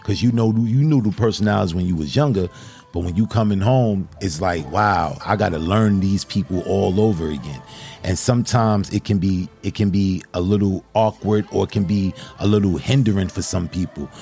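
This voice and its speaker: An earnest male host talking casually and encouragingly to his guest, often restarting and repeating his phrases. His voice is low and gravelly, and faint music runs underneath. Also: fairly quick, warm tone. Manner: repetitive, earnest, encouraging, addresses guest as brother. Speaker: show host. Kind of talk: casual interview chat.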